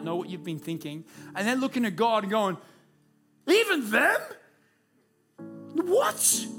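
Pastor preaching over music. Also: male voice, high voice. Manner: conversational, rhetorical questions. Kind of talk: sermon. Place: church service.

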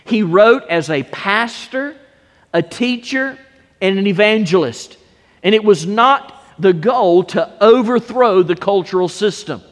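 A pastor delivers a sermon in a high, carrying voice. He stretches important words out slowly for emphasis. His voice rings through a large space with a long reverb tail. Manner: preaching with dramatic slow emphasis.

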